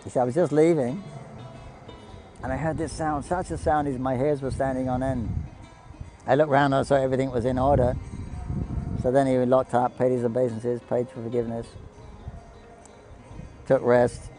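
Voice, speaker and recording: A man giving a devotional talk, telling stories in a halting, anecdotal way and quoting the people in them. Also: mid-range voice, flat delivery, over music, low-quality recording. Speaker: devotee storyteller on a pilgrimage broadcast.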